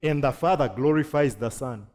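A male pastor from Kenya delivering a lively sermon, acting out quoted voices and joking with his congregation. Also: medium pitch, normal speed. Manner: animated preaching with jokes and acted-out quotes. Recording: long hall reverb.

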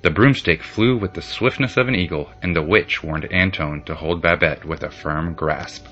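A man narrating a children's storybook in a steady, expressive reading. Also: low-pitched, moderate pace, highs cut off.

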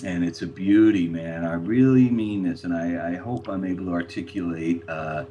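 A man's voice: low-pitched, moderate pace, mellow, highs cut off. Rambling older man telling stories. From New York area. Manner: rambling, repeats words, laughs at his own stories. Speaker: guest, former record label executive. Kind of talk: storytelling in a podcast interview.

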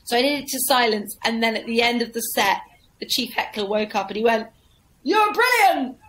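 A woman's voice: fairly high pitch, fast, low-quality recording. A woman comedian telling an anecdote in a casual interview, acting out the people she describes. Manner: lively storyteller acting out voices. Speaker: comedian guest.

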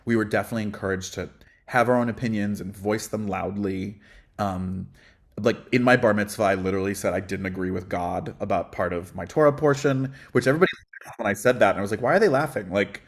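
Male guest, low bass voice, relaxed reflective podcast chat, fillers throughout. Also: fast talker, creaky. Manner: reflective, chatty, frequent ums. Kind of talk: casual podcast conversation.

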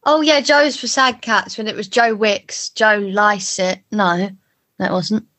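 A young woman co-hosting a podcast, playful and quick to laugh and riff on jokes. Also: mid-range voice, steady tone, a bit bright. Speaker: podcast co-host. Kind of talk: casual chat.

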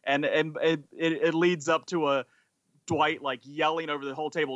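A man's voice: a little high, steady tone, brisk, a bit bright, dry recording, muffled recording. A man co-hosting a podcast in casual chat, talking eagerly and rambling with lots of fillers. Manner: enthusiastic, rambling, many "like" fillers. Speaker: podcast co-host.

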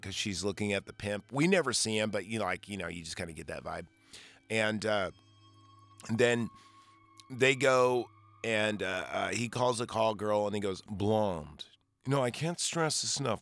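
A man with a low voice hosts a podcast and recaps a film in loose, rambling chat. He swears freely and stumbles through fillers and restarts. The recording is dry and close, with faint music underneath. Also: expressive, normal speed, creaky, a bit bright, no echo. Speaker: podcast host.

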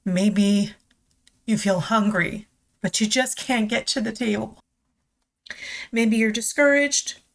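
A woman's voice: medium pitch, creaky. A woman hosting a devotional podcast, speaking in a tender, confessional way and reading scripture aloud. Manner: slow, tender and confessional, near tears.

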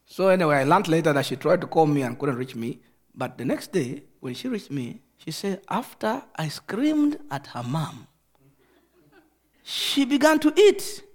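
Man, pastor, fervent sermon, high voice, loud rebukes and quiet storytelling. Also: big pitch swings, normal speed.

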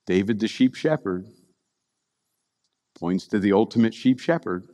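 A man's voice: fairly low pitch, expressive, unhurried, long pauses, warm tone, big-room sound. A man preaching a conversational sermon, often checking in with his listeners by asking "right?". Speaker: pastor.

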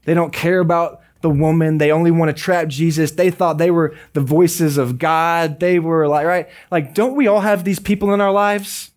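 A man preaching a sermon as a pastor, conversational and joking with quick asides. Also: fairly high pitch, fairly even intonation.

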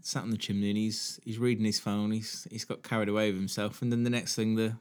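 A man's voice: fairly low pitch, little pitch movement, quick pace, darkish tone, smooth. A man co-hosting a casual comedy podcast, rambling and swearing freely as he chats. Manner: rambling, sweary, restarts a lot. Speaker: podcast co-host.

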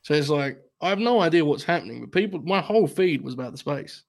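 Gravelly slang-talking podcast co-host. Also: male voice, a little high, quick pace. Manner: slangy, says "bro", relaxed. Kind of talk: casual chat.

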